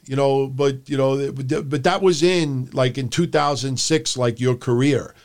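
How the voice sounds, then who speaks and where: A man's voice: mid-range voice, measured pace. A man co-hosting a wrestling podcast, ranting bluntly and sarcastically with casual swearing. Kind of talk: casual opinionated podcast commentary.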